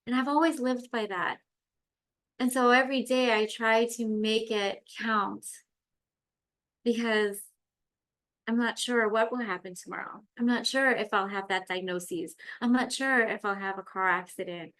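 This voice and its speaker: Female podcast co-host with a sharp, bright tone, earnest and reflective. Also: fairly high pitch, steady tone, moderate pace. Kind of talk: casual podcast chat.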